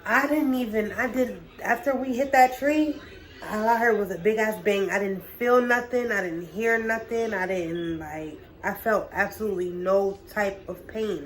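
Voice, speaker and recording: A young woman vlogging a storytime to her camera at home. She talks in a casual, slangy way, swears freely and throws herself into the retelling. Her voice sits at an ordinary middle pitch. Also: poor audio. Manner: profane, animated storytelling with slang.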